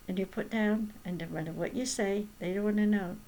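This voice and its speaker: A woman's voice: medium pitch, fairly even intonation, brisk, hardly any pauses, a little mellow, poor audio. A woman medium and healer talking casually, telling stories and tossing in rhetorical asides. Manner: chatty, storytelling, with rhetorical asides. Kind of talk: casual spoken talk.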